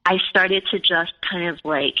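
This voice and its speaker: A woman's voice: on the low side, unhurried. Woman, 40s, podcast guest; chatty storyteller, constant fillers; lo-fi, reverberant audio. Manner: chatty, fills speech with "like" and "you know". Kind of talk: personal storytelling in conversation. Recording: lo-fi with long reverb.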